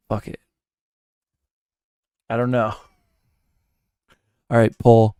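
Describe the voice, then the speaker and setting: A man's voice: medium pitch, completely flat delivery, extremely slow, pauses often, mellow, smooth, no room sound, clean studio sound. A man hosting a casual reaction stream, rambling and incredulous, swearing freely. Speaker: streamer host.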